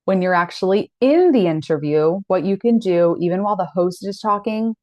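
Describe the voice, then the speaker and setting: A woman's voice: fairly low pitch, moderate pace, no echo, highs cut off. A woman in her thirties teaching an online masterclass in an earnest, direct, encouraging way. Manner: earnest, direct, encouraging, with animated quoted asides.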